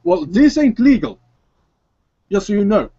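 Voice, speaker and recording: A man's voice: sits high, big pitch swings, measured pace, gravelly, dark tone, breathy edge, voice pushed up, exaggerated voice. A man voicing a brash, slangy male gun dealer with a streetwise, casual manner. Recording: dry, dull lo-fi sound.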